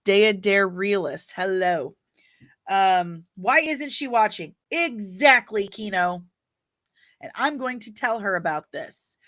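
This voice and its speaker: Slow-talking woman hosting a livestream. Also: medium pitch, expressive, a bit bright. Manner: opinionated and chatty, reacting to viewer comments. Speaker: livestream host reading chat. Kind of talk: casual livestream chat.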